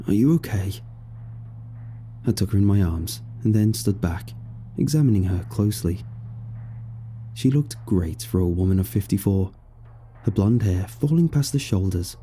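A man's voice: fairly low pitch, mellow. A man in his fifties narrating a first-person story in a brooding, world-weary way.

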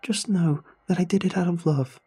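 A man voicing the ghost of a dead mother, cold and unwavering in a raised, husky voice. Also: moderate pace, dark tone. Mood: desperate, eerie. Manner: cold and unwavering, rising pitch.

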